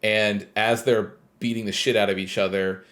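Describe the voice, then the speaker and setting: A man with a fairly low voice talks through a video game's story in a casual podcast chat. He recaps scene after scene in an easygoing, rambling way, with plenty of fillers. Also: normal speed. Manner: retells scenes at length, relaxed and rambling. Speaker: podcast co-host. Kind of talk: casual game discussion.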